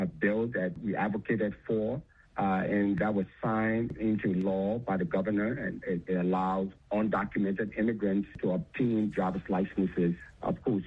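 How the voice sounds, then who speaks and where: A man talks earnestly down a tinny phone line, pausing on fillers and starting sentences over. His voice sits a little low and sounds husky. He is from Liberia and speaks as a former local council member. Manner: earnest, many fillers and restarts. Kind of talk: phone interview.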